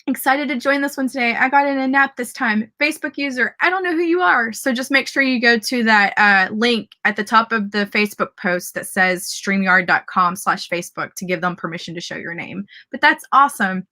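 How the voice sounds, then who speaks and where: A woman's voice: on the high side, brisk, hardly any pauses, bright, forceful tone. Bubbly Southern woman hosting a live stream. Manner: bubbly and upbeat, cheering viewers on. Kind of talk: casual live-stream chat reading viewer comments.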